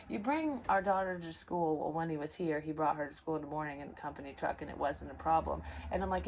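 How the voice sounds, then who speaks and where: A woman's voice: on the low side, quick pace, few pauses, darkish tone, a little hiss or hum, rough recording. A woman telling a personal story in a rambling, emotional and profane way, full of fillers. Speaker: vlogger. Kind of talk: casual storytelling.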